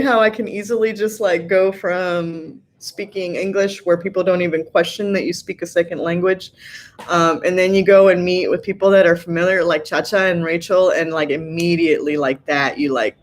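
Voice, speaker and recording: A middle-aged woman hosts a casual livestream from home and reads viewer comments aloud. She sounds tired but stays chatty, laughs often and fills her talk with "like" and "you know". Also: fairly low pitch. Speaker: livestream host. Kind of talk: casual live chat reading viewer comments.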